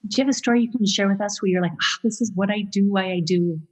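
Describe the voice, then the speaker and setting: A woman's voice: mid-range voice, a little mellow, long reverb tail, poor audio. Woman podcast host, affirming. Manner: affirming, brief backchannels and quick questions. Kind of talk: casual interview hosting.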